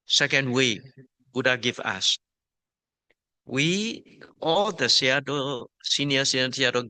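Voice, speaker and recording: A man from Myanmar, a monk and meditation teacher, giving a dharma talk at a retreat in simple, halting English, repeating words and using Pali terms. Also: a little high, pushed and bright, dry recording.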